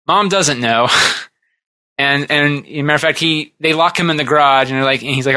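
A man hosting a podcast, chatting casually and retelling TV scenes in a rambling, animated way. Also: a little high, a little fast, no echo. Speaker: podcast host. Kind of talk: casual chat.

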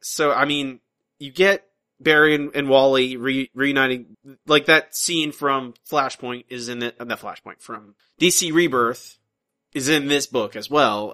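A man with a bright, forward voice hosts a casual comics podcast. He talks in a chatty, teasing way and often trails off and restarts his sentences. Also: medium pitch. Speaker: podcast host.

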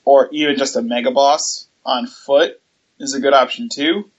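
A man's voice: medium pitch, fairly even intonation, moderate pace. A man in casual hobby chat, explaining steadily and listing items with some fillers. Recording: dull lo-fi audio.

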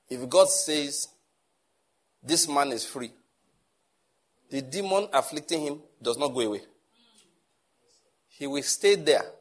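A man's voice: a little high, slightly rough. A man preaching a sermon in a conversational way, acting out little dialogues as he teaches. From Nigeria.

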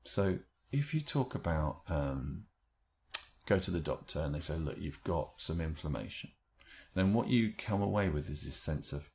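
A man giving an explanatory talk on handling stress, thoughtful, with lively rises in pitch and the odd restarted word. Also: moderate pace. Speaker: speaker explaining a stress technique.

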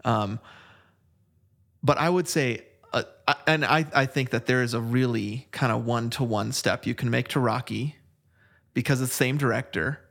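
A man's voice: medium pitch, moderate pace, vocal fry, a bit bright. A middle-aged man co-hosting a casual film chat, chatty, laughing often and trailing off into restarts. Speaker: podcast co-host.

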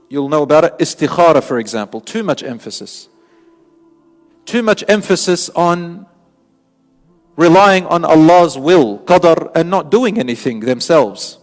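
A man delivering an earnest, emphatic Islamic sermon, repeating phrases for stress. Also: a little high. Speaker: Islamic preacher. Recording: long hall reverb, faint music.

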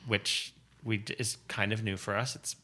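A middle-aged man chatting as a guest, enthusiastic and quick to laugh. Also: on the low side, little pitch movement, pushed and bright. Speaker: guest, business owner. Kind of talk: casual chat.

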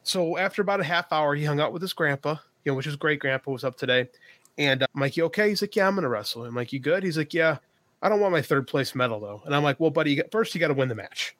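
A man's voice: fairly high pitch, quick pace, dry recording. Man in his thirties, storytelling. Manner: storytelling, animated, quotes himself and his son. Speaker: podcast co-host. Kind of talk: casual chat.

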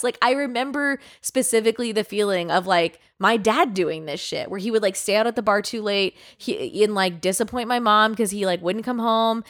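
A woman's voice: medium pitch, moderate pace, few pauses. Chatty young woman telling a rambling story. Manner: rambling storytelling with frequent "like" and swearing. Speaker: podcast co-host. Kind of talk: casual chat.

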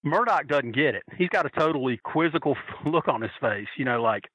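A man casually telling a long anecdote, animated and acting out the people he quotes. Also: on the high side, a little fast, husky, highs cut off. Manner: animated, acts out quoted voices.

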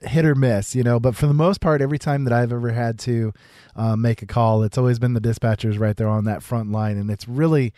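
A male podcast host chats casually. He stumbles and repeats his words, filling gaps with fillers. His voice is mellow and dark, recorded dry and close. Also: medium pitch, fairly even intonation, a little fast, no room sound.

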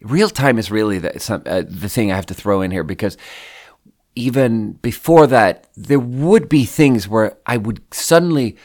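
A Swedish man co-hosts a podcast in a casual, reflective chat, rambling candidly and swearing freely. His voice is fairly low, animated, and a little mellow, at a moderate pace.

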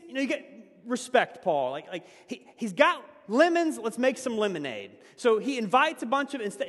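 A man preaching a conversational sermon as a pastor, laughing often and swinging between loud emphasis and hushed asides. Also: very high-pitched, big-room sound.

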